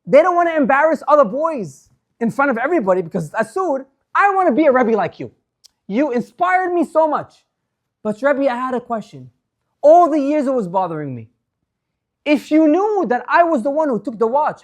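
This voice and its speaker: A man voicing an eager, grateful twenty-five-year-old teacher who is pleading and excited as he tells his story. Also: very high voice, normal speed, voice pushed up.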